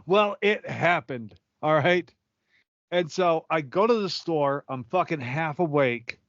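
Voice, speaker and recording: Young male co-host, high voice, rambling profane storyteller, dry dull recording. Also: expressive, slow pace, a bit bright, no echo. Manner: rambling, profane, acts out quotes. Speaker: podcast co-host. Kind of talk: comedic storytelling.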